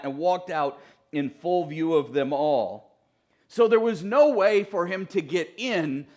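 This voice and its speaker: Pastor, male, slightly higher voice; relaxed, joking sermon delivery in a church. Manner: conversational, joking asides to the congregation. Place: church sanctuary.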